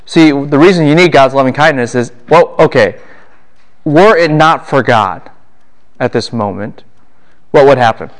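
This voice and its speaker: Man, classroom lecture, lively, keeps asking the room questions, mid pitch. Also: a little slow, long pauses. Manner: animated, rhetorical questions to the class.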